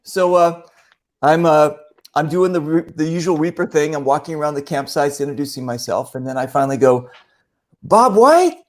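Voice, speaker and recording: A man with a slightly high voice hosts a relaxed online show. He tells long stories in a meandering way, full of fillers and restarts, and slips into other people's voices as he goes. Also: fairly quick. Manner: rambling, many fillers, acts out voices in anecdotes. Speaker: show host. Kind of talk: casual storytelling chat.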